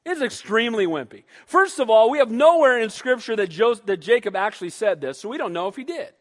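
High-voiced animated preacher in a reverberant hall. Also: male voice, fairly quick. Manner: animated preaching, acts out quoted voices, asks the crowd for amens. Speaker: pastor. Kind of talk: sermon.

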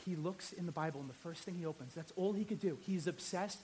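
A man preaching a sermon as a pastor, telling a story with emphatic repetition and swinging between loud and hushed delivery. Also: fairly high pitch, quick pace, a little hiss or hum.

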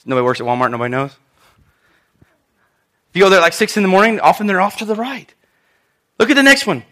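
A man delivers a sermon in church with a high voice and a lively, chatty way of preaching. His tone is bright and forward, and he often turns to the congregation with direct asides. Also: fast. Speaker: pastor.

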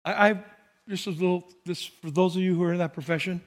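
Male pastor, high voice, animated sermon storytelling, long hall reverb. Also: brisk. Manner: animated storytelling with repetitions and asides.

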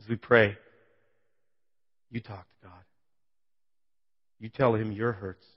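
A man's voice: flat delivery, takes it slowly. Man preaching a heartfelt sermon in a hall. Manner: emotional testimony, voice swelling then dropping low. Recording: dull sound in a big reverberant hall.

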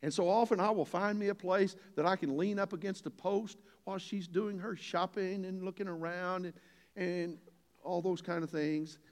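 A man's voice: sits high, fairly even intonation, normal speed. An older man preaching a sermon as a pastor, folksy and earnest, building to emphatic points. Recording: long hall reverb.

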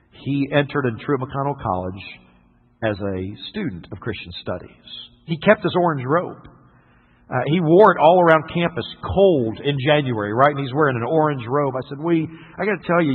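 A middle-aged man preaching a sermon as a story, swinging between loud and quiet. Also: mid-range voice, slightly rough. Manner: storytelling with dramatic swings in loudness. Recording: tinny phone-like sound in a reverberant hall.

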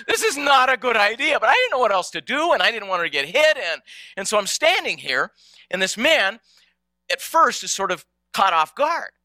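A man tells a story in a strikingly bright, tense voice that sits slightly high. He is conversational and often doubles up small words. The recording is close and very dry, with no room sound. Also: big pitch swings, moderate pace, dry recording. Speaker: speaker telling a personal story. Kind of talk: storytelling talk.

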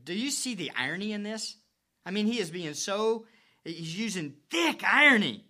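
Animated preacher switching whispers and shouts. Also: high-pitched. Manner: swings from hushed whispers to loud emphatic declaration; stretches words slowly for emphasis. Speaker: pastor. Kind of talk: sermon.

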